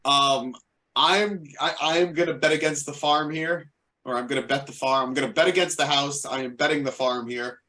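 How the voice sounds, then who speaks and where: A man's voice: on the high side, fairly even intonation, moderate pace, pushed and bright. A man co-hosting a casual podcast, playful and rambling with jokey asides. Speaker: podcast co-host. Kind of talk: casual chat.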